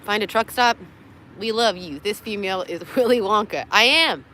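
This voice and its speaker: A woman's voice: mid-range voice, normal speed, sharp tone, a little hiss or hum. A tired young woman rambling through a livestream from her parked car, joking crudely, laughing often and cooing at her dogs. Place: parked car in a parking lot.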